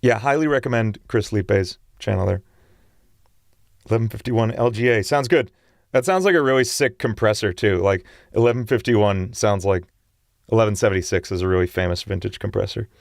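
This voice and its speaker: A man's voice: on the low side, fairly quick, gravelly, no room sound, studio quality. A man chatting casually with viewers on a livestream, talking eagerly about singing and voice technique. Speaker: streamer and singer.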